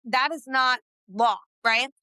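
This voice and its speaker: A woman, a podcast guest, talking casually in an animated, fast way with many fillers. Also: sits high, dry recording. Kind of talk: casual conversation.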